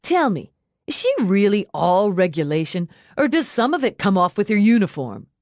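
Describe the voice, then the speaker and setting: A woman voicing a cocky, excitable young male detective who talks in a breezy, cheeky way. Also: medium pitch, moderate pace, no room sound, studio quality.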